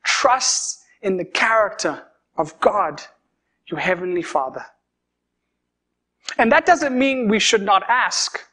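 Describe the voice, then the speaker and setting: Bright, high-voiced young male preacher. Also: slow, pauses often. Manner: storytelling, conversational and lively. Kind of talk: sermon.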